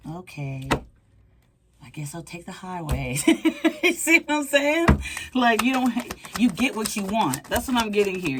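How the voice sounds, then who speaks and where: A woman's voice: sits low, noisy background. A woman giving a casual tarot reading in a playful, chatty way, calling the listener pet names. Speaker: tarot reader.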